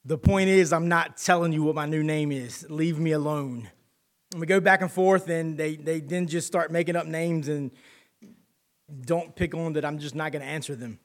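A male pastor with a fairly high voice preaches in a loose, conversational way. He moves between reading scripture aloud and telling stories about his children, with a relaxed, easy delivery. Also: normal speed. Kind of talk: sermon.

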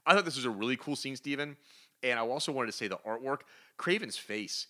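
A man co-hosting a comic book podcast, retelling stories with lively, acted-out character lines. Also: medium pitch, a little fast. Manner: animated storyteller, acts out characters' lines. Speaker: podcast co-host. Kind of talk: casual comic book review chat.

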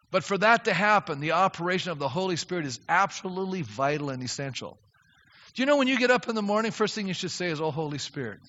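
An older male pastor delivers an earnest, emphatic sermon, his voice high for a man and bright. The sound is dull and lo-fi, with long reverb rolling around the hall. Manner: earnest, emphatic preaching that rises to fervent prayer. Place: church sanctuary.

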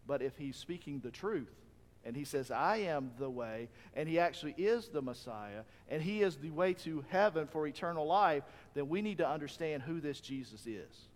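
A man delivers a sermon in an earnest, conversational style and keeps asking his listeners rhetorical questions. His voice sits fairly high for a man. The sound rings with the long reverb of a large hall. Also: animated, normal speed. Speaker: pastor.

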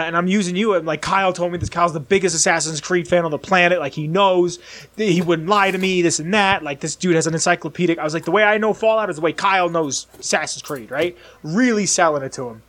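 A young man co-hosting a casual chat, telling a long story with excited, rambling energy and acting out the voices in it. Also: sits high, quick pace. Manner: excitable, rambling, acts out voices in his stories. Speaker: podcast co-host.

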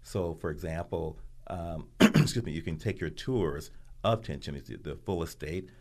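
A man talking as a guest on a radio show, explaining slowly with many ums. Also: low voice, a little mellow. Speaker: guest, theater president. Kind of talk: casual radio chat.

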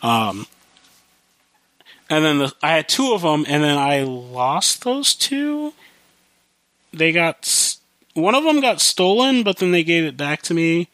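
A man's voice: a little high, sing-song, slow pace, pauses often, fairly bright tone, no echo. A young man hosting a podcast alone, rambling casually about his life with lots of fillers and restarts. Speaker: podcast host. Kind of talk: casual monologue.

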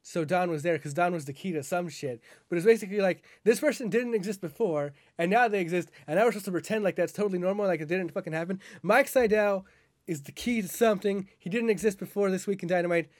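A man with a fairly high voice co-hosts a casual wrestling podcast, stumbling through profane, rambling rants. His voice sounds dry and close, with no room around it. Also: fast talker, no room sound. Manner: rambling profane rant with many restarts.

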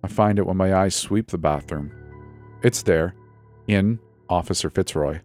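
A man's voice: deep voice, measured pace, darkish tone. A man telling a first-person horror story in a tense, breathless, dramatic way. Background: faint music.

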